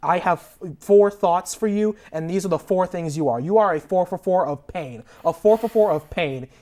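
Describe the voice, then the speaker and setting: A man's voice: a little high, normal speed, darkish tone. Young man in bombastic comic rants. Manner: bombastic, theatrical, indignant ranting. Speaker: guest enthusiast. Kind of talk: mock talk show comedy rant.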